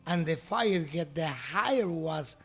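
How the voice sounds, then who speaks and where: A man's voice: on the high side, takes it slowly, creaky, husky. Laughing Spanish-speaking man telling a story. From Mexico. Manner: animated storyteller, broken English, laughs often, acts out voices. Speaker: restaurant owner. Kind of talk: storytelling in an interview.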